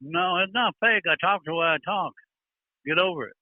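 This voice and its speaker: A man playing a gruff, profane older trucker caller with a Southern accent, drawling and touchy. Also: high-pitched, moderate pace, no echo, close to an everyday voice. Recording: tinny phone line.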